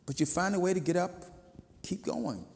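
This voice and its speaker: A man's voice: high-pitched, animated, normal speed, vocal fry, darkish tone, in a large hall. A man preaching a sermon in a conversational way, sometimes acting out the voices of people he quotes. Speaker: pastor.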